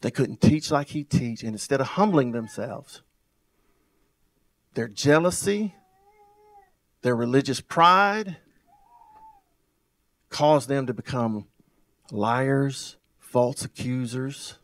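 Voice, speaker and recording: A male pastor, preaching a sermon full of rhetorical questions and repeated phrases, swinging between loud and soft and drawing out words for emphasis. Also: mid-range voice, expressive. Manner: wide swings in loudness and pace, drawn-out emphasis.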